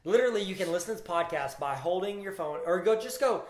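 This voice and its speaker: A man's voice: sits high, expressive, fast, slight background noise. A man co-hosting a podcast in casual sports chat, jokey and rambling with playful asides. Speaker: podcast co-host. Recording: roomy echo.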